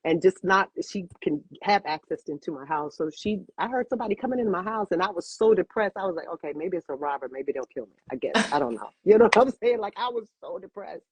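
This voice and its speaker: A woman's voice: fairly low pitch, expressive, fast, few pauses, a little mellow, breathy edge, no room sound, rough recording. A woman in her fifties, a cigar bar owner, telling a personal story with feeling as an interview guest and repeating phrases for emphasis.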